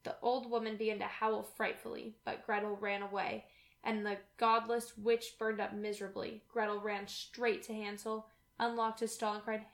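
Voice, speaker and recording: A woman's voice: medium pitch, flat delivery, moderate pace, creaky, fairly bright tone. Woman narrating a fairy tale with room echo. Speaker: reader. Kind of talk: fairy tale read-aloud.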